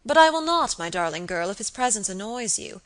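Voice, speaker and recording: A woman's voice: mid-range voice, big pitch swings, a little fast, fairly bright tone. A woman reading the part of a fond, anxious elderly baronet, with earnest, affectionate pleading. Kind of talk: audiobook character reading.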